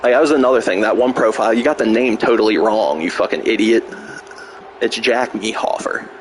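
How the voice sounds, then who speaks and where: A man's voice: fairly low pitch, fast, slight background noise. A man live-streaming a video game, trash-talking a troll in chat with heavy profanity and sarcasm. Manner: profane, mocking trash talk.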